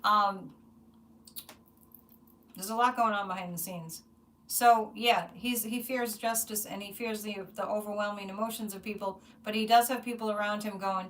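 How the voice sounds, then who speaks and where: A woman hosting a psychic livestream, chatting casually and rambling, with frequent restarts and animated asides. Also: mid-range voice, moderate pace, recorded from a distance, slight background noise. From United States.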